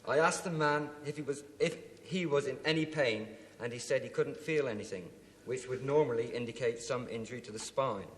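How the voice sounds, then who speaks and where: A man from Cornwall, a game show contestant reading his prepared card aloud in a steady way. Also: mid-range voice, brisk. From Cornwall, England. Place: television studio. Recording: reverberant TV studio.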